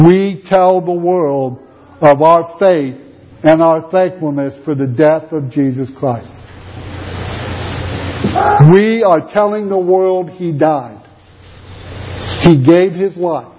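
A man preaching a sermon, measured and emphatic, who keeps asking rhetorical questions and repeats phrases to drive his point home. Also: sits high, a little mellow, lo-fi sound.

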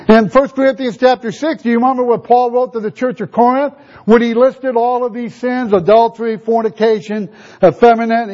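A preacher with a notably high, slightly mellow voice delivers a sermon, throwing rhetorical questions at his listeners. He slows right down to stress scripture verses word by word, and the recording is dull, muffled and lo-fi.

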